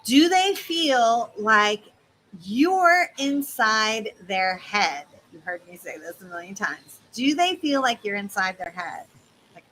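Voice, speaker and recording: A woman business coach teaching in a casual, animated way, speaking straight to her listeners. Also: mid-range voice, slow, a little hiss or hum, low-quality recording.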